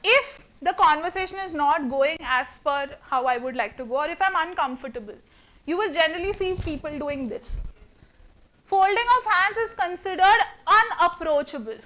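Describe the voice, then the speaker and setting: A woman with an Indian English accent, a communication trainer giving an energetic, theatrical workshop lecture and quizzing the students in the room. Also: very high-pitched, normal speed. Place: classroom with a live student audience.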